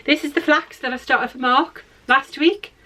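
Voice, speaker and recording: A woman's voice: high-pitched, steady tone, normal speed, sharp tone. A middle-aged woman hosting a knitting podcast, rambling and self-deprecating in casual chat while showing her work to the camera.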